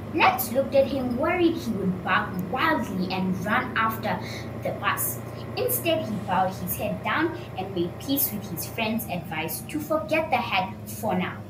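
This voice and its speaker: A woman narrating a storybook series in an expressive manner. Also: a little high, unhurried. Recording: roomy sound with faint noise.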